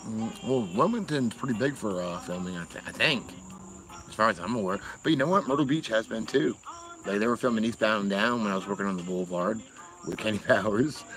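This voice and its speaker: A man's voice: on the low side, a little fast, a bit bright, rough recording. A man from Massachusetts chatting casually on a livestream, rambling and swearing, often laughing. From Massachusetts, USA. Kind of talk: casual chat.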